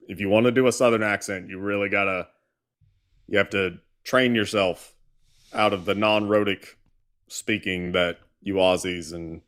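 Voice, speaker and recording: Male co-host, unhurried and low, sardonic, lecturing tone. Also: a bit bright. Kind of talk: casual live call-in chat.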